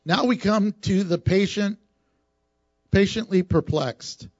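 A man preaching a sermon as a pastor, animated and teasing with the congregation. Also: high voice, takes it slowly, no echo, highs cut off. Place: church sanctuary.

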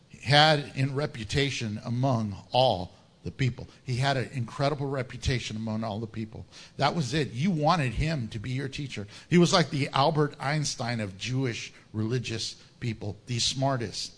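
A man preaching a verse-by-verse sermon, acting out the people in the story and laughing often. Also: a little high. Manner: animated, acts out voices of biblical figures, laughs often. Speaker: pastor. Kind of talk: sermon, verse-by-verse Bible teaching.

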